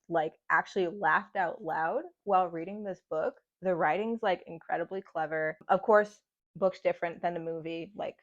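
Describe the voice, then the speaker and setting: Young woman, casual book chat, self-deprecating, giggly, slightly scratchy throat, lowish voice, dull lo-fi audio. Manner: chatty, self-deprecating, laughs often. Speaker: book vlogger. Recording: dull lo-fi sound.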